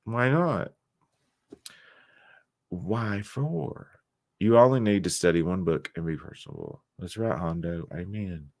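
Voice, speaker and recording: Man, livestream host, casual chat, teasing, tipsy, low voice, dry close sound. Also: expressive, measured pace, long pauses, no room sound. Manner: chatty, teasing, joking with chat. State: tipsy from wine.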